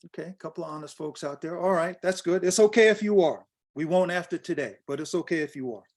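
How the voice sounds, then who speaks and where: A man's voice: fairly high pitch, fast talker. An older man giving a blunt, direct workshop talk over a video call, questioning his audience. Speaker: guest speaker on pricing.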